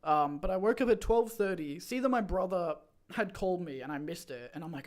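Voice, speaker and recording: In a casual chat on his stream, this twentysomething host wanders through a story, packing it with fillers and restarts. His voice sits high and he talks fairly quickly.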